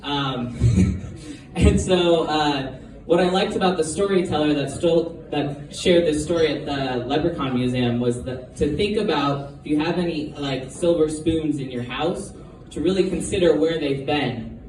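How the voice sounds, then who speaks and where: A man's voice: on the high side, a little slow, a crowd in the background. A man doing his first stand-up set, telling a long joke with hesitant ums and rambling asides. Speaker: amateur stand-up comedian. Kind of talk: first-time stand-up storytelling. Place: live comedy show venue. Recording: echoey room from far off, noisy.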